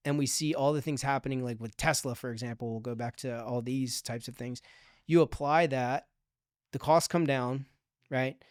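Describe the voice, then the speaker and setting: A man with a smooth, resonant voice speaks as a guest on a casual podcast. He thinks aloud in long, upbeat runs, full of fillers and restarts, and the sound is close and dry. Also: mid-range voice, fairly even intonation, moderate pace, dry recording. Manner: upbeat and forward-looking. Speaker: podcast guest, digital strategy manager.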